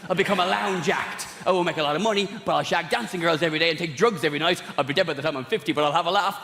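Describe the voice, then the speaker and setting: A man doing a stand-up routine, telling a story that spirals out fast. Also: fairly high pitch, vocal fry, pushed and bright. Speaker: stand-up comedian. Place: large theatre stage. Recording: echoey theatre with long reverb.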